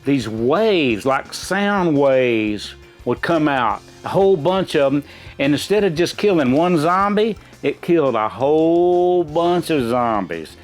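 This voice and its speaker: A man's voice: on the high side, animated, takes it slowly, faint music behind. Rambling, folksy middle-aged man. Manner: rambling and folksy, many restarts. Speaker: quiz contestant. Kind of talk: casual chat.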